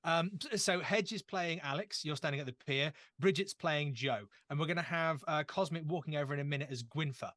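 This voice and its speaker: A man's voice: on the high side, a little fast, few pauses, fairly bright tone, dry recording. A young man running a tabletop horror game as game master, chatty and self-deprecating as he sets the scene. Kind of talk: actual-play game narration.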